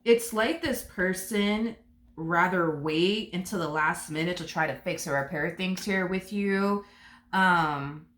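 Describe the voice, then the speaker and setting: A woman's voice: on the low side, slow pace, fairly bright tone. A woman giving a casual, chatty tarot reading, sassy and full of asides. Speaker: tarot reader. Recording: roomy echo.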